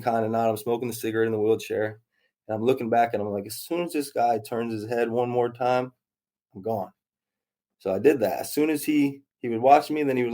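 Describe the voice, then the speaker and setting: A man's voice: fairly low pitch, dark tone. A man, candidly retelling a personal story in a rambling, self-interrupting way. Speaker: interview guest.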